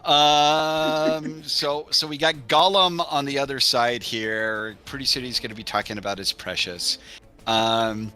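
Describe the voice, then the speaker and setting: A man's voice: medium pitch, fairly even intonation, a little slow, bright, forceful tone, clear, resonant tone, faint music behind. A man playing a tabletop horror game, chatty and joking with the group. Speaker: player. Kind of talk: casual table talk.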